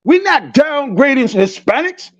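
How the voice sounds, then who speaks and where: Man ranting as talk-show host, preachy, profane, very high voice, muffled lo-fi sound. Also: big pitch swings, measured pace. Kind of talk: heated talk-show debate. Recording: dull lo-fi sound.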